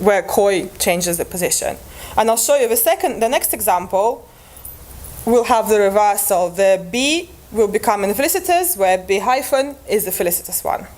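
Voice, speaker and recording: A woman's voice: medium pitch, darkish tone. A woman presenting linguistics research at an academic conference, explaining step by step with frequent restarts and fillers.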